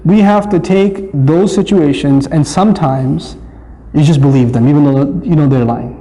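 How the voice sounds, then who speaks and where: High-voiced humorous male lecturer. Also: moderate pace. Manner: animated, humorous, acts out scenes. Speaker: speaker. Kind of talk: lecture on parenting. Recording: long hall reverb.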